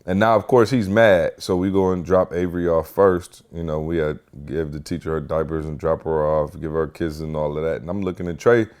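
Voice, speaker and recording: A young man hosts a podcast in a relaxed, conversational way. His voice sits on the low side, and he tells stories with plenty of energy, slipping into other people's voices as he goes. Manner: animated storyteller, acts out voices. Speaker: podcast host. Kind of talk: casual chat.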